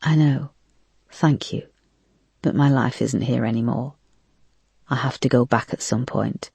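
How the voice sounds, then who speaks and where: A woman's voice: extremely low pitch, measured pace, creaky, a little mellow, slightly rough, no echo, pitched below the performer's own voice, full character voice. A woman voicing a grieving, widowed senior police officer near fifty in an audiobook. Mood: subdued.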